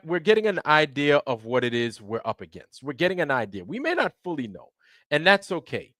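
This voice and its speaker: A man hosts a livestream, ranting sarcastically with heavy swearing and greeting chat viewers by name. His voice is mid-range and a bit bright, captured in clean studio sound with no room echo.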